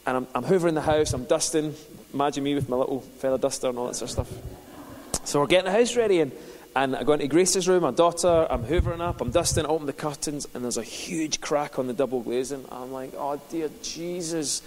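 A man's voice: fairly high pitch, fast, slight background noise. A man, a pastor telling a personal story in a sermon with a conversational manner. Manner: conversational, builds to passionate preaching. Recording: long hall reverb.

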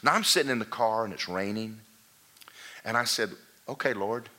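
A pastor in the middle of a sermon tells a jungle parable with lots of animation. His voice is lowish and carries a bright, forceful edge. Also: expressive, normal speed. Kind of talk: sermon storytelling.

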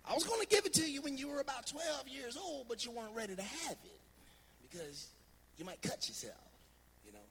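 A man playing his older Southern grandfather with a high-pitched twang, giving a folksy warning. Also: a little fast, a crowd in the background, full character voice. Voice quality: high-pitched, voice rising when excited. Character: older Southern grandfather, fisherman, stern and fond.

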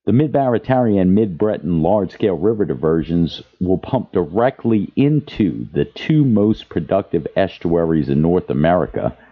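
A man hosting a podcast, speaking with passion and reading quotes aloud. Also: sits low. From Louisiana. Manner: impassioned, reads quotes aloud. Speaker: podcast host. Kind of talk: advocacy podcast commentary. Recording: dull lo-fi sound.

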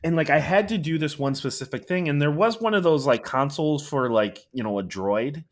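A man's voice: fairly high pitch, a little fast. A man chatting casually about video games, rambling and filling his talk with "like". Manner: rambling, heavy use of "like", lively storytelling.

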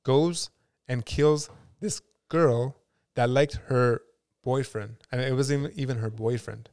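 A man's voice: mid-range voice, fairly even intonation, a little slow, a little mellow, clean tone, no echo, clean studio sound. A man co-hosting a podcast, telling a long story in casual chat with many fillers and restarts. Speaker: podcast co-host.

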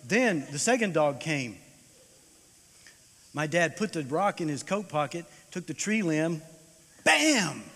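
A man in his sixties gives an animated storytelling sermon in a chapel, swinging between loud bursts and hushed tones. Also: a little high, unhurried, long pauses. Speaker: chapel speaker. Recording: long hall reverb.

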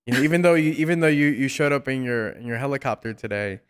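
A man's voice: mid-range voice, expressive, quick pace. A man hosting a casual interview, praising his guest and talking in loose sentences with many fillers and repeated words. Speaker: host.

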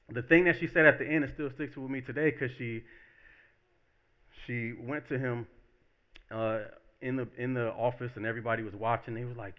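Casual preaching pastor, lo-fi sound. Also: male voice, on the low side, smooth. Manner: conversational, acts out quoted voices. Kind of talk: casual sermon.

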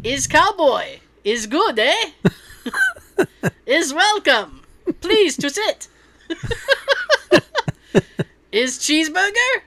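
Mock Russian cowboy-bar waiter, clipped broken English, high and bouncy, put on by a woman. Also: sing-song, extremely slow, long pauses, pushed and bright, exaggerated voice. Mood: hearty.

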